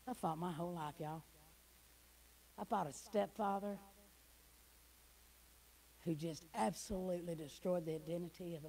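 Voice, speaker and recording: A middle-aged woman, a guest speaker giving an emotional church testimony that swings from hushed to loud. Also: fairly low pitch, rough recording. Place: church hall.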